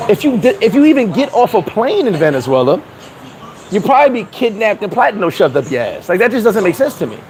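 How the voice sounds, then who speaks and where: A man's voice: high voice, very animated, quick pace, low-quality recording. A man hosting a casual livestream chat, talking bluntly and profanely and reading out viewer comments. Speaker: livestream host.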